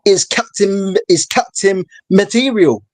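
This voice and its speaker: A man's voice: sits high, unhurried, darkish tone, no echo. A young man ranting in casual football banter, repeating himself in disbelief and dropping "bro" constantly. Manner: rant-like, repeats "bro", incredulous. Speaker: guest.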